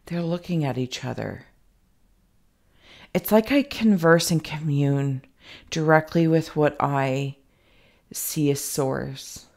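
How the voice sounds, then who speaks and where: Here a woman doing a relaxed psychic reading speaks low and slowly, with vocal fry, long pauses and a slightly mellow quality. She muses aloud, rambling with many fillers and teasing herself at times.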